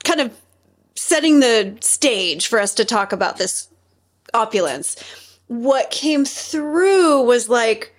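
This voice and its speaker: A woman's voice: a little high, lively intonation, slow pace. A woman from the United States, a podcast guest who talks chattily and fills her speech with "like.". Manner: chatty, many "like" fillers, laughs easily. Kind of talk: casual podcast conversation.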